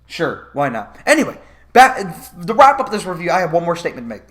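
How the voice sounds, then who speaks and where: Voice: mid-range voice, fast talker. A vlogger ranting about a movie in a casual comedic review, swearing often and laughing. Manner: profane, animated, laughing.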